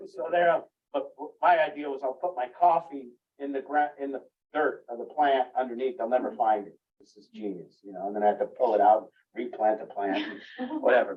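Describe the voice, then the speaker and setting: Distant candid man telling a story. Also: mid-range voice. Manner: rambling, candid, laughs at himself. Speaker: group speaker. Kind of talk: storytelling in a group talk. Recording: muffled, distant room recording.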